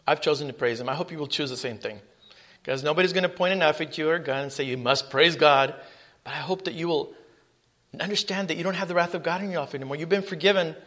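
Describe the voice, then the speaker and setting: A man preaching a sermon, reading scripture aloud with emphasis and calling out questions to the congregation. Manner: emphatic preaching, rising loud on scripture, dropping low on asides.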